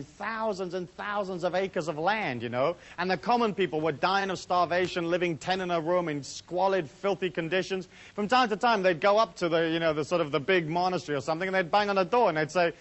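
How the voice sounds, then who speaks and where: Male seminar speaker, a touch high-pitched, loose and conversational, full of "you know" asides. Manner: rambling, chatty, many "you know" asides. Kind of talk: casual lecture to a live audience.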